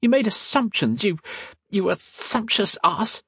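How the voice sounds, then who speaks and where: A bold young woman, put on by a male reader, pitched high and lively. She scolds and teases in quick bursts, with a slightly husky edge. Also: no room sound, clean studio sound, full character voice. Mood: scolding. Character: feisty young woman, sharp-tongued and bold.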